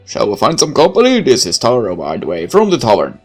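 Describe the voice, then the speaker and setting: A man reading a visual novel aloud and voicing a casual, probing young townsman in a raised, lively voice. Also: medium pitch, fairly quick, slightly rough, soft background music.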